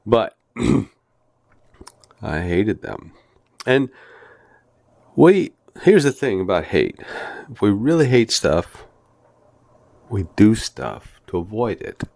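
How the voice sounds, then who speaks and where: Slow, folksy, deep-voiced man teaching. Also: very animated, creaky, darkish tone, no echo, clean studio sound. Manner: slow, deliberate, folksy storytelling with humor. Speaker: Bible study teacher. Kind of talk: devotional teaching with personal anecdotes.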